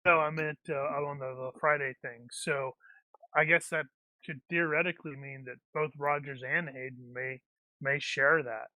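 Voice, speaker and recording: A man playing a tabletop role-playing game, bantering and joking with the group. His voice sits a little high and sounds bright, recorded dry and close. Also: steady tone, moderate pace, no room sound, poor audio. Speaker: player. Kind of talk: casual tabletop play.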